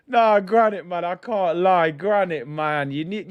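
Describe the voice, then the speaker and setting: A man's voice: high-pitched, takes it slowly, clean tone. A young man hosting a fan channel, ranting in casual slangy commentary. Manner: animated, slangy, ranting with laughs. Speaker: football fan channel host.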